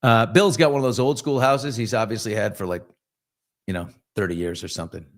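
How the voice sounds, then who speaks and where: A man's voice: fairly low pitch, fairly quick. A middle-aged man hosting a casual live chat show, joking and telling loose, rambling anecdotes full of asides. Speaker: host.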